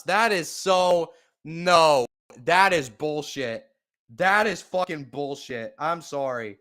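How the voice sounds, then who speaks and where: A young man giving live, profane fan play-by-play of a football game, exasperated and bursting into loud outbursts. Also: on the high side, slow. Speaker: podcast play-by-play host.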